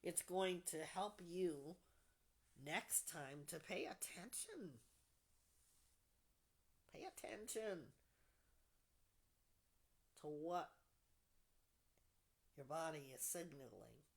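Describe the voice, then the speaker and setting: A woman hosting a support group session, speaking softly and deliberately, often trailing off into near whispers. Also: low-pitched, expressive, gravelly. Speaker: podcast host leading a support group. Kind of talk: reflective talk to a group.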